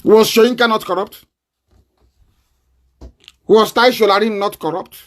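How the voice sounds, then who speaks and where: A man's voice: high-pitched, fairly even intonation, unhurried. A man with a Nigerian accent, speaking in a fiery, confrontational live online broadcast and breaking into mocking laughter. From southeastern Nigeria.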